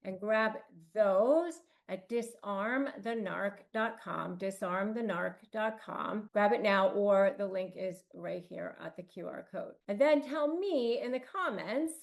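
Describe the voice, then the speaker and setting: A woman's voice: mid-range voice, slow, vocal fry, few pauses. A woman hosting an advice talk, coaching in emphatic, clipped phrases. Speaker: host.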